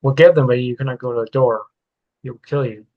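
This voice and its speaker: A man's voice: mid-range voice, fast talker, phone-quality sound, lightly acted. A man reading as an earnest young vampire. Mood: pleading. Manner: pleading, formal old-fashioned speech.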